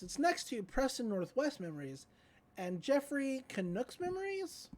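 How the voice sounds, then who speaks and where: Animated woman podcast host, casual recap, pitch jumping around a lot. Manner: animated storytelling, quick character voices. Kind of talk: casual episode recap chat.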